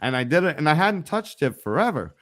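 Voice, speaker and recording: A man's voice: on the high side, sing-song, fairly quick, fairly bright tone, no echo, clean studio sound. A man co-hosting a live online show, talking in a brash, profane, teasing way. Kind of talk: casual live-stream chat.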